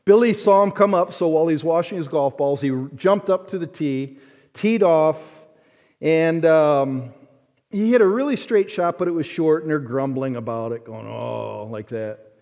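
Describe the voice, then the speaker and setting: A man preaching a sermon, telling a personal story and acting out the people in it in an animated way. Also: fairly high pitch, normal speed. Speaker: pastor. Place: large church sanctuary. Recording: dull-sounding sermon audio with long hall reverb.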